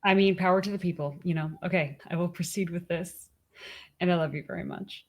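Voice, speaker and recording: A woman's voice: fairly low pitch, steady tone, a little fast, dull audio. A woman co-hosting a podcast, chatting casually with her husband and thinking aloud with restarts. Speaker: podcast co-host.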